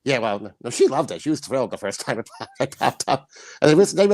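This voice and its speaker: A man chatting playfully on a livestream about puppets, now and then slipping into a high sing-song voice. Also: sing-song, fast, darkish tone, slight background noise. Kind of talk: casual chat on a livestream.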